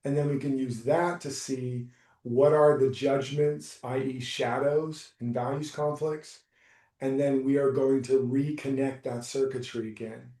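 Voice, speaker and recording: A man coaching someone through a live session, talking in a soft, reassuring, unhurried way. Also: medium pitch, steady tone. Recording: roomy, distant from the mic.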